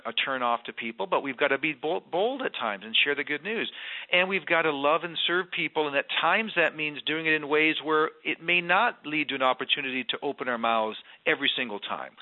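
A man, a former mayor, speaking as a guest in an earnest, emphatic faith conversation. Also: on the high side. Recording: tinny phone-line sound.

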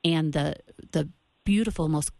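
Low-voiced woman sharing earnest faith testimony. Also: unhurried, vocal fry, mellow, no room sound. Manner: earnest testimony, loose restarts. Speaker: guest. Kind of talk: Christian talk show conversation.

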